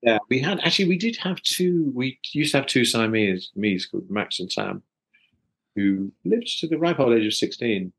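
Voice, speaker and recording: A man's voice: medium pitch, expressive, normal speed, vocal fry, fairly bright tone, slightly rough, poor audio. An older actor from South London chatting in an interview over a video call, hesitant and repeating his words, often chuckling. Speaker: actor guest. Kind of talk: casual interview chat.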